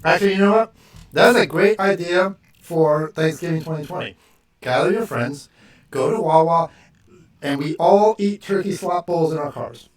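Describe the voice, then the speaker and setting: A man co-hosting a podcast, chatting casually and teasing his co-host with excitable jokes. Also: on the high side, normal speed. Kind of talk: casual chat. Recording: roomy, distant mic with faint music.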